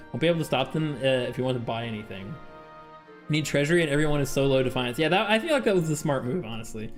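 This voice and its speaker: A streamer chatting casually with viewers during a game, laughing often and reading game text aloud. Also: mid-range voice. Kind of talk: casual live-stream gameplay chat.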